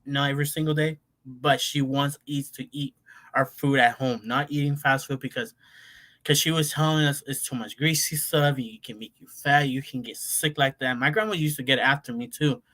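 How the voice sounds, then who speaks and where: A man's voice: mid-range voice, fairly even intonation, moderate pace, bright, forceful tone. A young man, telling family stories in a rambling casual monologue full of fillers and restarts. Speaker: vlogger.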